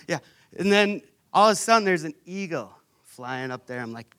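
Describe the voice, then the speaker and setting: A young man sharing a church testimony. He is an animated, self-mocking storyteller who uses many filler words. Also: on the high side, normal speed, clear, resonant tone. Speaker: retreat participant sharing testimony.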